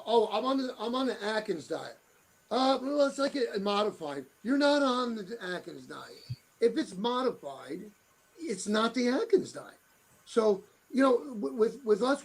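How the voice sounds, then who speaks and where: A man's voice: high voice, vocal fry, a little mellow, rough recording. A middle-aged man telling blunt, tough-talking stories as an interview guest. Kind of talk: casual interview talk.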